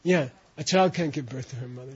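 A man's voice: medium pitch, fairly quick. A man teaching a class, often checking in with his students as he explains, in a dull lo-fi recording of a classroom. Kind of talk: classroom instruction.

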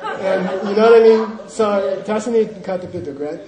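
A man's voice: sits high, normal speed, warm tone, some chatter behind. A man teaching a language class, drilling pronunciation and joking with his students. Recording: echoey room with class audience.

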